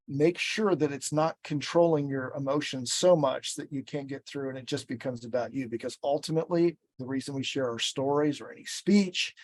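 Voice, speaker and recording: A man who is a speaking coach, talking as a podcast guest in an even, measured coaching tone. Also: medium pitch. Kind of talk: podcast interview.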